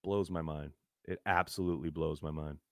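A man's voice: extremely low pitch, steady tone, normal speed, heavy background noise. A man hosting a fan podcast, exasperated and swearing freely as he rants and reads viewer messages. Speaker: podcast host. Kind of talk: live fan podcast rant.

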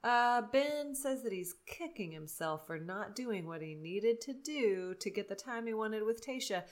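A woman's voice: mid-range voice, animated, unhurried. A woman co-hosting a podcast in casual chat, blunt, sarcastic and opinionated. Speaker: podcast co-host.

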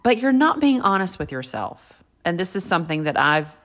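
A woman's voice: fairly low pitch, big pitch swings, normal speed, a bit bright. A woman in her fifties telling a candid personal story and giving advice in a frank, chatty way, with casual swearing. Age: 50s.

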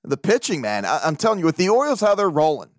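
Man, sports podcast host, casual rant, lively swinging pitch, dry close sound, swears a lot. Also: quick pace, no room sound. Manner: animated, profane, laughs often. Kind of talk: casual sports talk monologue.

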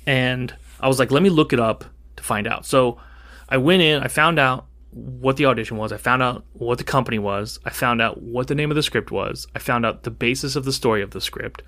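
Bright, animated man in casual podcast chat, rambling storyteller. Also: medium pitch, brisk. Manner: rambling, animated, acts out quoted dialogue. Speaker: podcast co-host.

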